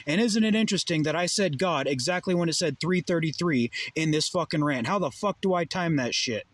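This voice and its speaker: A man's voice: a little high, fairly quick, dry recording. A young adult man delivering a heated, profane monologue full of rhetorical questions. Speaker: vlogger. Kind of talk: ranting monologue.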